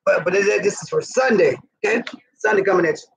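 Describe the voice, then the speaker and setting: A man's voice: sits high, quick pace, gravelly. A middle-aged man with a Southern US accent, chatting casually and cursing as he demonstrates cooking in his home kitchen, talking straight to viewers. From American South. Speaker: cooking vlogger. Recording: roomy distant dull mic, faint noise.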